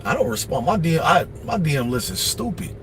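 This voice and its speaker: A man hosting a livestream, giving casual life advice in a blunt, profane, preachy way, often mimicking other people in quick asides. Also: a little high, very animated, slight background noise. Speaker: livestream host.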